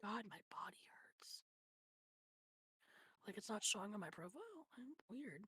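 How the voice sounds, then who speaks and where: Husky-voiced woman streamer chatting casually. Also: mid-range voice, animated, normal speed, bright, forceful tone, dry recording. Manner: chatty, swears freely, drops into whispered asides. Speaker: livestreamer. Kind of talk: casual stream chat while gaming. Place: home computer setup.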